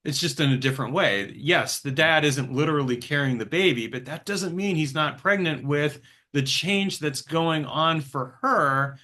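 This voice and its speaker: A man's voice: fairly high pitch, normal speed, few pauses, pushed and bright. A man hosting an interview podcast, talking candidly and reflectively about his own experiences, with casual swearing. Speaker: podcast host. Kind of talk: conversational interview.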